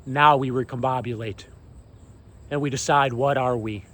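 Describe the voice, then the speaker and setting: A man delivering an impassioned monologue to camera, proclaiming slowly and emphatically, swinging between loud declarations and hushed asides. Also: mid-range voice, steady tone. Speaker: vlogger.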